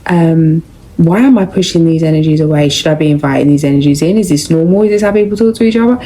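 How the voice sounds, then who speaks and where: A woman's voice: sits low, fast talker, dark tone, rough recording. A young woman giving a casual, rambling tarot reading, chatty and full of slang. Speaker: tarot reader.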